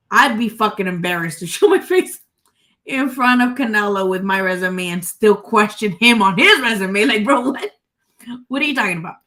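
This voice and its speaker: Woman, live-stream host, casual chat, profane and rambling, high-ish voice. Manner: profane, animated, rambling opinions. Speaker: boxing channel host.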